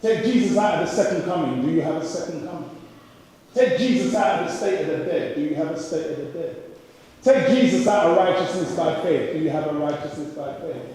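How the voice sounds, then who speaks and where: A man's voice: on the high side, fairly quick, dark tone, a little hiss or hum. A man with a Jamaican accent preaching an impassioned sermon as a pastor, building his points with repeated rhetorical questions. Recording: echoey hall, mic from far off.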